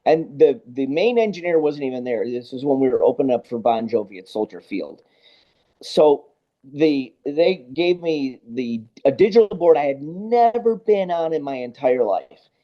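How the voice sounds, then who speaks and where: A man, a guest sound engineer, telling stories in a casual interview, animated and acting out both sides of conversations. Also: medium pitch, normal speed. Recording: dull lo-fi podcast audio.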